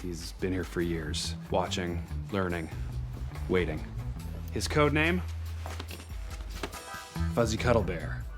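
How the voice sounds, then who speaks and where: An actor playing a jokey, excitable young detective in a sitcom, goofy and dramatic. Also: male voice, low-pitched, slow, pauses often, over music. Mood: mock-dramatic. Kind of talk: sitcom acting.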